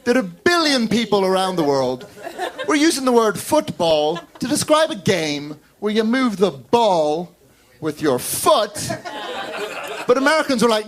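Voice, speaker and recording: A man's voice: sits high, measured pace. A man from the UK with a British accent doing a stand-up comedy set in a small comedy club, playfully mocking as he talks. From United Kingdom. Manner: animated, mocking voices for quoted characters.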